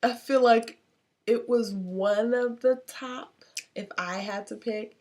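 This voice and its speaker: A woman's voice: a little high, takes it slowly, darkish tone. A young woman co-hosting a casual review chat, playful and teasing, gushing over her favorites. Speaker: co-host reviewing singing contest.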